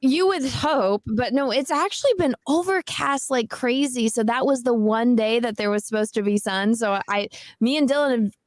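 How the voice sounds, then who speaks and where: A woman's voice: fairly high pitch, normal speed, hardly any pauses, no echo, clean studio sound. A young woman guesting on a casual live-stream chat, bubbly and talkative, with lots of fillers. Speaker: guest, cosplay model.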